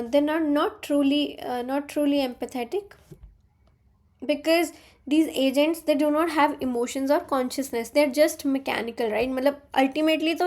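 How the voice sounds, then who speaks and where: A woman's voice: high-pitched, a little mellow. A young woman, a teaching assistant explaining quiz answers in a live online lecture, with many fillers and restarts.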